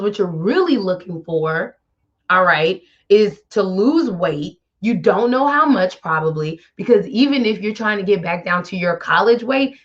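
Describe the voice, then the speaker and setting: A woman with a mid-range voice hosts a wellness show, recorded with the highs cut off. Her motivational talk is casual, chatty, and blunt, aimed right at the listener.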